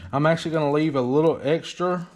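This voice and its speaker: A man's voice: a little high, quick pace, darkish tone. Easygoing man in his shop. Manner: rambling, easygoing, self-deprecating. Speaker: DIY truck builder. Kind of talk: casual shop vlog narration. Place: workshop garage.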